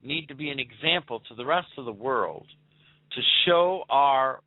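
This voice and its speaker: An American man hosts a talk radio show, delivering a fired-up, preachy political monologue full of rhetorical questions. His mid-range voice has lively intonation and a moderate pace. The audio is tinny and phone-like, with no room sound.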